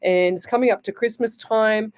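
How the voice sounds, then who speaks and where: A woman's voice: a little high, steady tone, moderate pace, darkish tone. An Australian woman hosting live radio as a psychic medium, chatting and rambling through stories with lots of fillers, from a radio studio.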